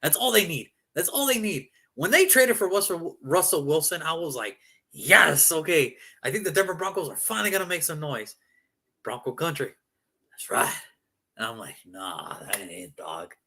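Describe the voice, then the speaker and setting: A man co-hosts a casual sports talk show. His voice is slightly high and bright, and it swings widely in pitch as he jokes and acts out what people said. He talks in loose, repetitive banter. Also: moderate pace, husky. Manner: animated, joking, mock-quoting people, repetitive.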